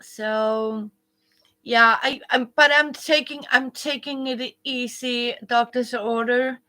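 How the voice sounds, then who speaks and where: Woman host, casual craft livestream from home, high and bright voice, unhurried rambling chat. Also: fairly even intonation. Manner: chatty, rambling, with many restarts and soft whispered asides. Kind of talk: casual live chat with viewers. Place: indoors at home, living room.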